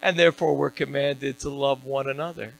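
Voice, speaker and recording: A man's voice: medium pitch, steady tone, a little fast, vocal fry, rough recording. A man preaching a sermon as a pastor, building to emphatic peaks and throwing questions out to his congregation. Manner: preaching with rising, emphatic call-and-response questions. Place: church sanctuary.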